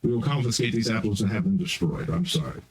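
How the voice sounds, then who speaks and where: A man's voice: on the low side, expressive, fast, breathy edge, pitched below the performer's own voice. Stern, officious guard captain in a tabletop game, put on by a male game master. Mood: apologetic.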